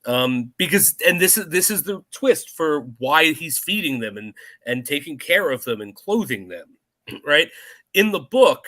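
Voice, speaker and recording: A man co-hosting a casual film podcast, animated, laughing often and swearing casually. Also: on the high side, measured pace. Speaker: podcast co-host.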